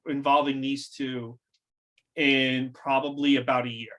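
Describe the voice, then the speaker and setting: A man's voice: medium pitch, little pitch movement, unhurried, sharp tone. A man co-hosting a casual wrestling talk, giving emphatic, profane opinions. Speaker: podcast co-host.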